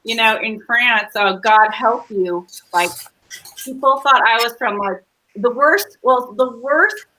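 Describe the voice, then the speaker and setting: A woman hosting a cooking show, chatting casually with quick asides. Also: a little high, sharp tone, a little hiss or hum, rough recording. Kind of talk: casual chat.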